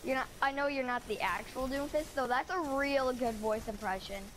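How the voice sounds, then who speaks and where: A woman chatting in a friendly, animated way with other players in game voice chat. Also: sits high, normal speed, slight background noise, rough recording.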